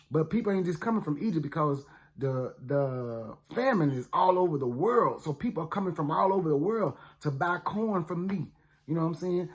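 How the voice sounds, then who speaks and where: A man retelling a Bible story in first person, in a casual, slangy way with frequent asides to the listeners. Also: on the high side. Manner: chatty, slangy, with many "you know what I'm saying" asides. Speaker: storyteller for a ministry.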